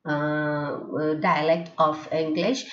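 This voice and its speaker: A woman's voice: deep voice, little pitch movement, slow pace, soft background music. Hesitant woman teaching in a roomy space. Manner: hesitant, many fillers and restarts, checks in with "okay?". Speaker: English teacher. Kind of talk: recorded lecture. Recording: dull, lo-fi, roomy recording.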